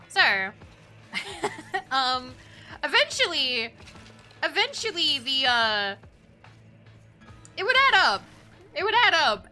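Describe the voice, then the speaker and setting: A woman with a high, bright voice spins a casual anecdote, rambling and giggling as she goes. She trips over her words and starts over, all over faint background music. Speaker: VTuber streamer. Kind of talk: casual storytelling.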